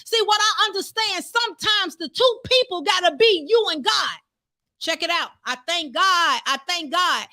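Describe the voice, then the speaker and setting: Fervent high-voiced woman preaching. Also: animated, moderate pace. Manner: fervent, shouts praise, repeats phrases. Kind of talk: sermon.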